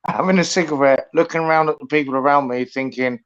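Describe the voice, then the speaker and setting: Male, higher pitch, chuckling storyteller, muffled recording. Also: steady tone, fast, clear, resonant tone. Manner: chuckling, sweary anecdote teller. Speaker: protester chatting. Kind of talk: casual storytelling.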